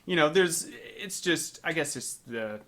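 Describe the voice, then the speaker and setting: A young man from the South, co-hosting a casual podcast, animated and quick to laugh, with lots of fillers. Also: a little high. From Southern United States. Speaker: podcast co-host. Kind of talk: casual chat.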